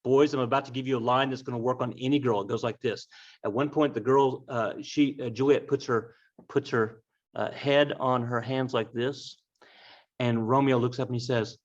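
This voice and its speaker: A man's voice: medium pitch, normal speed. Joking man teaching a story lesson. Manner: joking, lively, addresses class directly. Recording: dull lo-fi recording.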